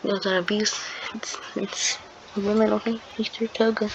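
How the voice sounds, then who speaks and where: A channel host improvises a fan-fiction story, rambling and hesitating with plenty of fillers and restarts. Her voice is medium in pitch, moves little and runs at a normal speed. The lo-fi recording sounds dull, with clearly audible background noise.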